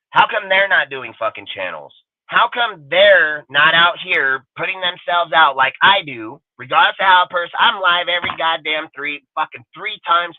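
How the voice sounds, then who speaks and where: Man host ranting on a livestream, aggressive and profane; high-pitched, dry, tinny. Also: no echo. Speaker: channel host. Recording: tinny phone-like livestream audio.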